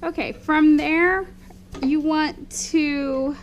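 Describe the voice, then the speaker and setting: A woman's voice: sits high, steady tone, very slow, very noisy. A woman, a dental instructor demonstrating lab steps and often checking in with "okay?".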